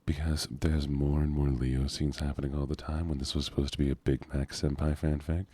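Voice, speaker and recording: A man softly chatting with viewers while streaming a game, in a soft-spoken, easygoing way. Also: rumbling low, little pitch movement, fairly quick, breathy edge, dry recording.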